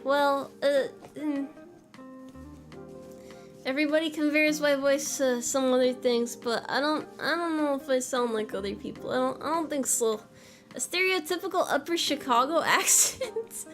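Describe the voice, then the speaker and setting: A young woman streamer chatting casually with her viewers. She giggles often and trails off and restarts her sentences. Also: high voice. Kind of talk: casual chat reading viewer messages.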